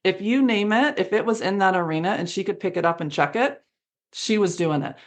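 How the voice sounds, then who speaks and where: A woman's voice: mid-range voice, brisk. A woman guest in an interview, telling a story animatedly and acting out the dialogue. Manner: animated, acts out quoted dialogue with laughs.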